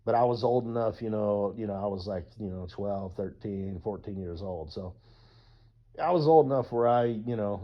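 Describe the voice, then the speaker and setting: A man rambles casually in a YouTuber-style monologue, cursing and whooping as he goes. His voice sits on the low side, and the lo-fi audio sounds slightly dull.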